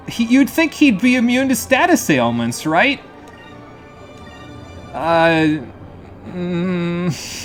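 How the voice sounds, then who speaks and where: A man streaming a game live, giving loose, joking commentary with frequent laughs and casual swearing. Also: a little high. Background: faint game music.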